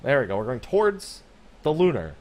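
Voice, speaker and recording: A man's voice: mid-range voice, very animated, brisk, a little mellow. A man co-hosting a gaming podcast, rambling casually, laughing often and swearing now and then. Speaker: podcast co-host.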